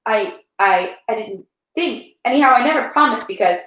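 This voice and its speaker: A woman's voice: fairly high pitch, expressive, moderate pace, a bit bright, very echoey, poor audio. A woman reading the lines of an arrogant, cowardly young officer in a novel. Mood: haughty, defensive.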